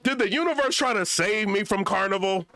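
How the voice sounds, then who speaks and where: A man's voice: sits high, fairly quick, sharp tone, a little hiss or hum. A young man vlogging in a casual, rambling rant full of slang.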